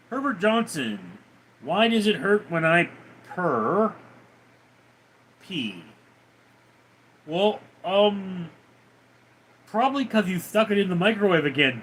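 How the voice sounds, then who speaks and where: A man on a casual livestream, going through viewer comments one by one and answering them with teasing, crude jokes. His voice sits a bit high for a man and swings widely in pitch, but he takes his time and speaks slowly. A faint hum of ambient noise sits underneath him. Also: fairly bright tone. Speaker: livestream host.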